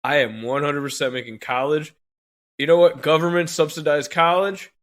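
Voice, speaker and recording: A man's voice: a little high, steady tone, normal speed. A man in his thirties co-hosting a podcast, ranting angrily with constant swearing and bursts of laughter. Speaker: podcast co-host. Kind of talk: profane rant on a podcast.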